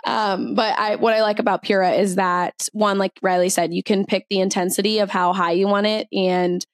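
A young woman co-hosting a laid-back podcast, rambling chattily with plenty of fillers and little laughs. Her voice sits at an ordinary middle pitch. The sound is dry and close, with no room around it. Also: little pitch movement, normal speed, no echo. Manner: chatty, giggly, lots of filler words. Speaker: podcast co-host. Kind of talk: casual chat.

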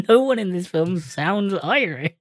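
A woman's voice: lowish voice, expressive, a little slow, no echo. A woman co-hosting a film podcast in casual chat, wry and sarcastic, repeating her punchlines. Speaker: podcast co-host.

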